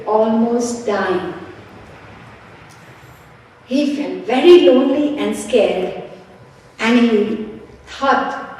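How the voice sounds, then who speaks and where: A woman with a high voice gives a devotional lecture at a slow, unhurried pace. Her deliberate storytelling rings out with heavy echo, and she sounds well back from the mic in a big hall. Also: a little mellow. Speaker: spiritual lecturer. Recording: echoey hall, mic far off.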